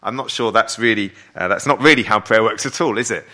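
Bright-voiced male preacher. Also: lowish voice, fairly quick. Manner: conversational preaching with rhetorical questions. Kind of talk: sermon.

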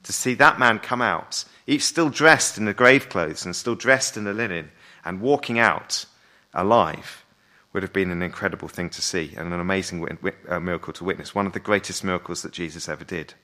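A man preaches a sermon in a conversational style, frequently posing rhetorical questions to his listeners. His voice is low yet bright and forceful, and he talks fairly quickly.

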